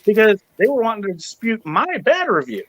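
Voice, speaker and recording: A man with a noticeably high voice hosts a casual podcast chat. He tells a long grievance story with lots of energy, acting out everyone he quotes and cursing freely. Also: brisk, no echo, low-quality recording. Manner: animated, acts out quoted people, swears. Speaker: podcast host.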